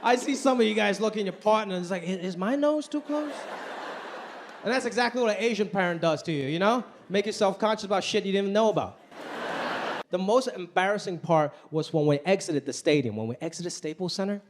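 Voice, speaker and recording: A male stand-up comedian performing live on stage, with a punchy, animated delivery full of voice impressions. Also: high voice, fast talker. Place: stage in front of a live audience. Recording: noisy live stand-up recording.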